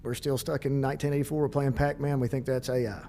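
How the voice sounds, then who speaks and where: A man's voice: mid-range voice, slight background noise. A middle-aged man with a Southern US accent, speaking as a school district administrator in a casual podcast interview and acting out bits of dialogue as he tells stories. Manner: animated, quick storyteller who acts out dialogue.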